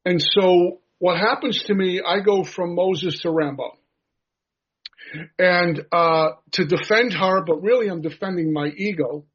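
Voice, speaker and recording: A man's voice: high voice, a little slow, a bit bright, breathy edge. A man from the United States giving an earnest personal recovery share, telling a story with self-deprecating humor. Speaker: recovery meeting speaker. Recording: dull lo-fi recording.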